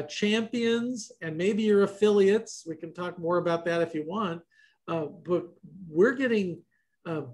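A man hosting a casual roundtable over a video call, loose and joking. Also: high-pitched. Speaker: host.

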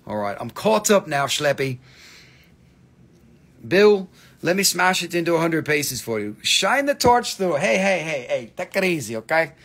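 A man's voice: fairly high pitch, sing-song, measured pace, a bit bright. A man chatting casually and joking with viewers while selling mineral specimens on a livestream, swearing freely. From US East Coast. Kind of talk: casual live-sale chat.

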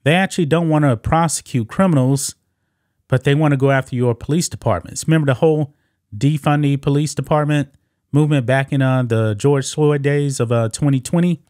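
A man's voice: mid-range voice, a little fast, a little mellow, no echo. Male commentary host, mocking, casual, dry close mic. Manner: mocking, addresses viewers as guys.

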